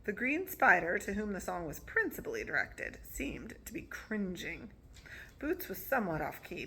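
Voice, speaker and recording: A woman reads a chapter of a novel aloud in a casual, unpolished way, stumbling and restarting now and then. Her voice is bright with a gravelly grain. A faint hiss of noise sits behind her. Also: medium pitch. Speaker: reader.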